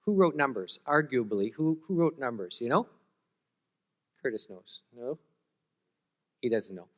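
A man's voice: medium pitch, very animated, measured pace, long reverb tail. A man preaching a sermon in a conversational way, often asking the audience questions. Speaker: pastor.

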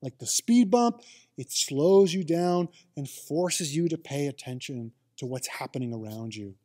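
High-voiced playful man teaching. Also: unhurried. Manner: playful and animated, with sudden exclamations. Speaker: Bible teacher. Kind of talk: casual teaching talk to camera.

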